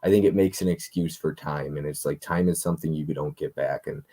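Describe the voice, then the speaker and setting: A man's voice: a bass voice, a little fast, dark tone. A man in his thirties hosting a casual chat, blunt and opinionated, swearing freely. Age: 30s. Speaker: podcast host.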